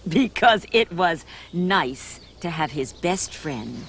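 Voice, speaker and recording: A woman's voice: lowish voice, big pitch swings, slow, a little hiss or hum. A middle-aged woman hosting a children's show, reading a story and coaching a dance in a coaxing, sing-song way.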